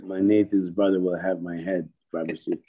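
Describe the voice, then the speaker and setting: A man's voice: low voice, little pitch movement, a little fast, breathy edge, dull audio. A man telling stories on a podcast as a guest, laughing often and swearing freely. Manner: laughing, profane storyteller. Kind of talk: casual storytelling chat.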